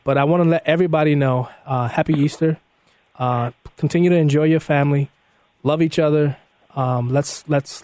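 A man hosting a radio talk show, chatting in an animated way, often repeating words and restarting. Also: on the high side, dry recording. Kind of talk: casual radio chat.

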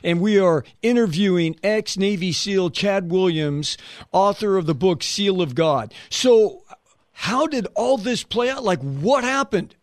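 A man's voice: sits high, lively intonation, measured pace, dry recording, studio quality. A man, a pastor, guest-hosting and interviewing with short reactions and questions.

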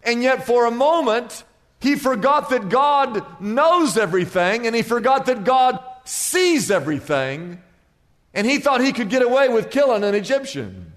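A man's voice: extremely high pitch, very animated, measured pace, fairly bright tone. A man preaching a sermon as pastor, telling humorous stories and calling for amens from the congregation. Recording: long hall reverb.

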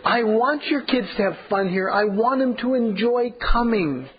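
A man's voice: high voice, animated, measured pace, dull audio, very noisy. A man preaching a sermon as pastor, earnest and emphatic, repeating key points.

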